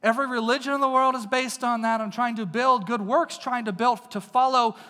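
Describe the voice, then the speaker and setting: A male pastor preaching a sermon in earnest, moving between loud emphasis and hushed, intimate delivery. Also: very high voice, fairly even intonation, a little fast. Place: church sanctuary. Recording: long reverb of a large hall.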